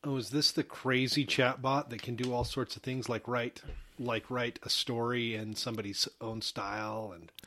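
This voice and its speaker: A man's voice: mid-range voice, fairly even intonation, normal speed, pushed and bright. A man chatting casually on a podcast, hesitant and searching for his words. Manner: hesitant, full of fillers and restarts. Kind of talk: casual chat.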